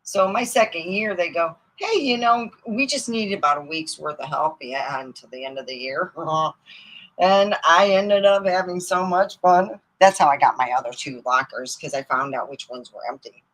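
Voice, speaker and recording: A woman's voice: lowish voice, animated, normal speed, fairly bright tone, low-quality recording. Rambling, profane middle-aged woman storyteller. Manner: rambling and profane, laughing at her own stories. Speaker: comedian. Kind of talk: casual storytelling monologue.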